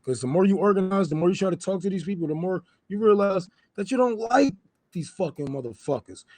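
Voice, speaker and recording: A man's voice: high voice, lively intonation, a little fast, darkish tone, no room sound. A man who is a guest on a talk show, speaking casually and loosely, with plenty of swearing. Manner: loose, profane, trailing off. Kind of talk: casual chat.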